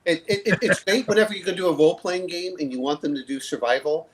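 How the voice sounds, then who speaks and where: A man's voice: high voice, fast talker, low-quality recording. A man from the southern US hosting a casual group chat, rambling, restarting his sentences and laughing often. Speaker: livestream host.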